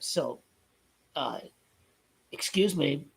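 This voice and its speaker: A man's voice: high voice, normal speed, low-quality recording. A man giving a casual football rant as a vlogger, blunt and profane, rambling with stumbling restarts.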